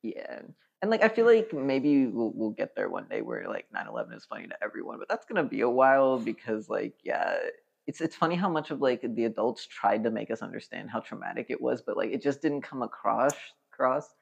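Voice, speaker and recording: A man's voice: mid-range voice, very animated, a little fast, creaky, husky. A man in his twenties, a podcast guest, talking in a rambling, casual way full of fillers. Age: 20s. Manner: rambling, filler-heavy, laughs easily. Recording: dull lo-fi podcast audio.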